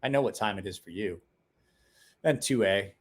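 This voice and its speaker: A man's voice: lowish voice, normal speed. A tired man in his forties from Ohio, hosting a late-night livestream and telling rambling, profane stories with acted-out quotes. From Ohio, USA. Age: 40s. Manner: rambling, profane, folksy storyteller who acts out quotes. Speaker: livestream host. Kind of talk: casual late-night livestream chat and storytelling.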